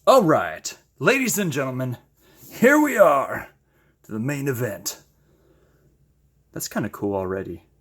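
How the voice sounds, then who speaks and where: A man chatting casually while he paints, gushing with excited exclamations and making self-deprecating asides. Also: mid-range voice, unhurried, long pauses. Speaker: paint-pouring channel host.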